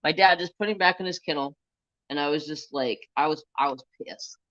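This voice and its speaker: Casual male stream host with a bright, tense voice, chatty and profane, recorded dry and a bit lo-fi. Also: on the high side, fairly quick, no echo. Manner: rambling, animated, swears freely. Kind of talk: casual storytelling chat. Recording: slightly dull, lo-fi sound.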